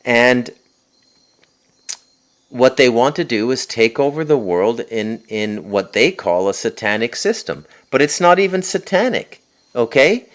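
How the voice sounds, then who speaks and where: A man delivering a spoken monologue as host, insistent and peppering his points with a questioning "okay?". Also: mid-range voice. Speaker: host and author.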